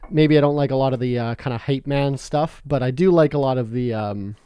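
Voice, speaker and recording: Young man from Canada, podcast co-host, loose rambling chat, medium pitch, dry close mic. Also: brisk, warm tone, clear, resonant tone, no echo. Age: young adult. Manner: rambling, laughs often, swears casually. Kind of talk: casual chat.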